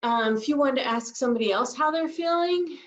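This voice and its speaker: A woman whose voice sits high talks a little fast as she gives slow, patient sign language lessons, breaking each sign down step by step. The room is echoey, and the lo-fi audio is dull and distant.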